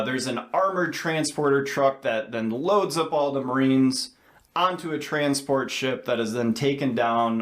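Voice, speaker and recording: A man recapping a movie scene by scene on a podcast, sometimes acting out what the characters say. His voice sits at a middle pitch. The recording has a roomy echo. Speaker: podcast co-host.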